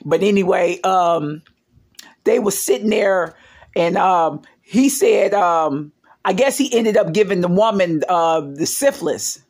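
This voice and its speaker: A woman vlogger rambles through family stories in a casual storytelling vlog, full of fillers and side remarks. Her voice is lowish, a little mellow, and unhurried.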